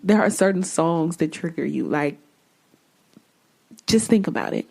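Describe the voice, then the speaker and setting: A woman hosting a solo podcast, talking in a blunt, exasperated way with free swearing. Her voice sits a little low, and her speech has a casual flavor. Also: expressive, measured pace, gravelly, dark tone. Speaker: podcast host.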